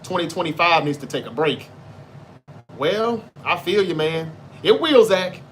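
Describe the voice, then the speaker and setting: Southern US male host, slightly high, punchy bright tone, casual and profane, talks straight to chat. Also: expressive, measured pace, slight background noise. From Memphis, Tennessee. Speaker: livestream show host. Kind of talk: casual chat reading viewer comments.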